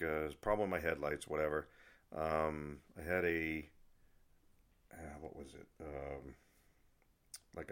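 A man telling a story in a casual, rambling rant, exasperated, with frequent restarts and mild swearing. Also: low-pitched. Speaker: vlogger.

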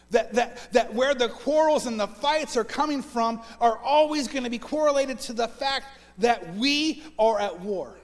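A man in his forties preaching a sermon as pastor, earnest and often repeating words as he builds a point. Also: very high voice. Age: 40s. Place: church sanctuary. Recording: long church reverb.

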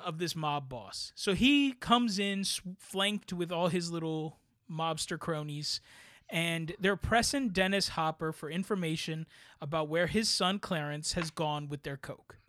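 Animated higher-voiced man reviewing a film. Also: no echo, studio quality. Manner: animated, rambling, asks "right?" a lot. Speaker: podcast co-host. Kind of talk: casual movie review chat.

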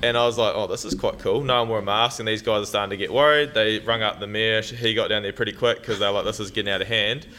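A man's voice: fairly low pitch, steady tone, fast talker, hardly any pauses, bright, forceful tone. A young man with a New Zealand accent telling a blunt, swearing, laughing story to an audience. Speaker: farmer speaker.

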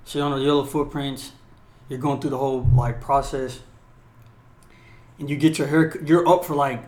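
A young man co-hosting a podcast, telling profane, animated stories in casual chat and acting out yelling drill instructors. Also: mid-range voice, normal speed, echoey room. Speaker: podcast co-host.

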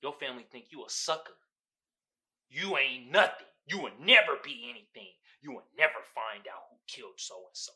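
A man voicing a taunting male serial killer suspect, speaking low and hushed with mocking taunts. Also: animated, normal speed.

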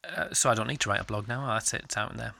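A middle-aged podcast co-host chats candidly, joking and running himself down in a casual way. His lowish voice races along, creaky, pushed, and bright, with no room sound.

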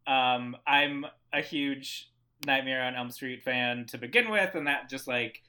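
A man's voice: medium pitch, a little slow, pushed and bright. A man guesting on a casual podcast who rambles enthusiastically, with lots of fillers. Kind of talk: casual chat.

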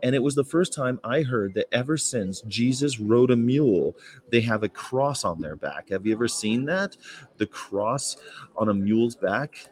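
A man's voice: medium pitch, expressive, moderate pace, a little mellow. A man chatting casually on a livestream, telling rambling stories with fillers and short laughs, outdoors on a campus. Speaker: vegan activist livestreamer. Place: outdoors on a campus, beside his truck. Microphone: phone or camera.

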